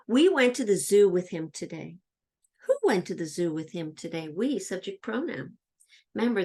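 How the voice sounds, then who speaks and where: A woman's voice: mid-range voice, a little mellow. A woman teacher leading a children's grammar lesson, chanting labels in question-and-answer drills and playfully quizzing herself. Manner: plays a pretend student asking herself questions.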